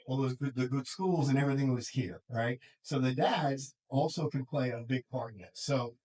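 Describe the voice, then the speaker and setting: A middle-aged man speaking as a counselor to a group in a room, in a middle-pitched voice. His delivery is casual and animated. He jumps into playful quoted voices of parents and kids. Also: moderate pace, breathy edge, poor audio. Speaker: school counselor and life coach.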